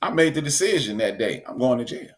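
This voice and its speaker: A man, co-hosting a casual talk show and telling an animated story. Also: medium pitch, quick pace. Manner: storytelling, animated, acts out quotes. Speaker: podcast co-host. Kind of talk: casual chat.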